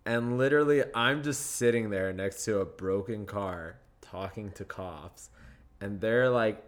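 A man's voice: on the low side, measured pace. A young man, a podcast guest, telling stories in casual chat and acting out what people said, laughing often. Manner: animated storyteller who acts out quotes and laughs often.

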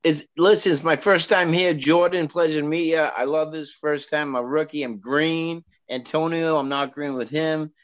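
A man from Boston talks with a strong Boston accent. His voice sits slightly high. He rambles excitedly and a little sheepishly over a video call. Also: normal speed, few pauses. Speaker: guest caller. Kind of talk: casual chat.

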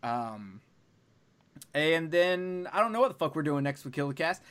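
A man's voice: fairly high pitch, very animated, moderate pace, a bit bright, clear, resonant tone. A man hosting a podcast in casual chat, loose and profane with lots of filler words. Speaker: podcast host.

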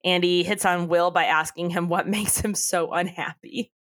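A woman's voice: lowish voice, fairly even intonation, moderate pace, a bit bright. A woman co-hosting a casual podcast, giggling often as she retells scenes from a TV show. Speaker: podcast co-host. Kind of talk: casual chat recapping a TV show.

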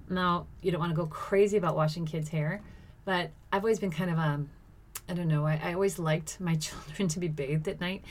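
A middle-aged woman telling a personal story in a casual monologue, laughing often and exclaiming as she acts out what people said. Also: lowish voice.

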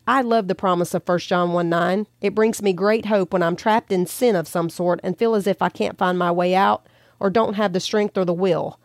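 A woman who hosts a podcast and wrote the book, reading a devotional chapter aloud in a gentle, prayerful way and slowing down for scripture. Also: on the low side, fairly even intonation, no room sound, clean studio sound. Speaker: podcast host and author.

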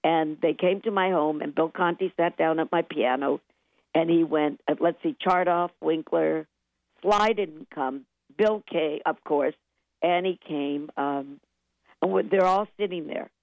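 An older woman, a songwriter being interviewed, telling animated anecdotes and acting out what people said, laughing often. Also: low voice, measured pace, no room sound. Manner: lively anecdotes, acts out quotes, laughs often. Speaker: guest songwriter. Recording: tinny phone line, dry.

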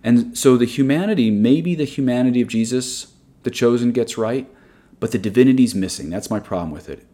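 A man's voice: medium pitch, brisk, dark tone. A man preaching a meditative sermon in an earnest, digressive, opinionated way. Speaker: Catholic preacher. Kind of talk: sermon-style guided meditation.

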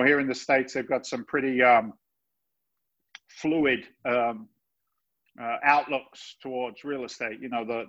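A man in his fifties from England with a London accent softened by Boston, chatting as an interview guest in a chatty, self-mocking way. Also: mid-range voice. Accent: London English softened by Boston. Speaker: guest, real estate investor. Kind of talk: casual interview chat. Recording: dull, muffled audio.

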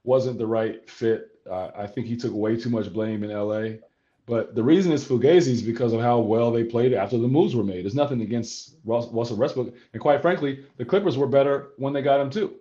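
A man appearing as a guest basketball coach in casual chat, measured and stammering into his answers. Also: medium pitch, mellow, lo-fi sound.

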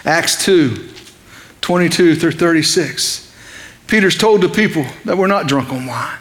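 A man's voice: fairly high pitch, a little slow, a bit bright, in a large hall. A man preaching an evening sermon in a conversational, impassioned way, asking his listeners questions.

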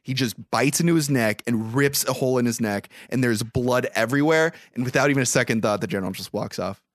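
A man's voice: medium pitch, fast talker, dry recording, studio quality. A man hosting a podcast, swearing freely as he animatedly recaps a movie plot. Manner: profane, animated storytelling. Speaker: podcast host.

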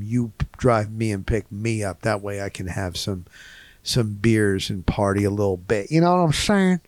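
A man hosting a talk show, telling a rambling, animated story in a casual monologue. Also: dry recording, studio quality. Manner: animated, swinging pitch, rambling asides.

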